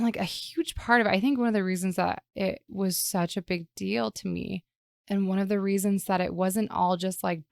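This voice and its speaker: A woman podcast host tells a personal story in a low voice with plenty of vocal fry. She is reflective and emotional, and her speech is full of "like" fillers. The recording is dry and close. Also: dry recording.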